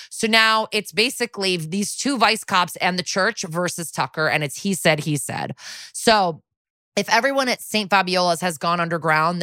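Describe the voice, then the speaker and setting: A woman's voice: lowish voice, no echo, clean studio sound. A woman co-hosting a podcast, chatting her way through a TV episode recap and acting out the characters' lines as she goes. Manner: chatty, animated, acts out characters' lines while retelling. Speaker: podcast co-host.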